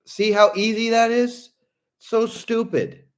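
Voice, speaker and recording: A man's voice: very high voice, fairly even intonation, slow, voice pushed up. A man doing an impression of a foul-mouthed male game critic, ranting with mocking sarcasm. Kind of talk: comic impression in a casual chat.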